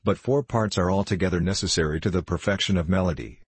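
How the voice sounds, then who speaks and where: Man reading solemn long-winded singing master, formal old-fashioned phrasing, low husky voice, dry. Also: quick pace, no echo.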